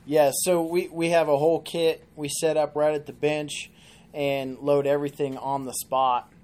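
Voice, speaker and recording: A man as a podcast guest, telling a long joke in an animated, casual way. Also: fairly high pitch, moderate pace. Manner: animated storyteller.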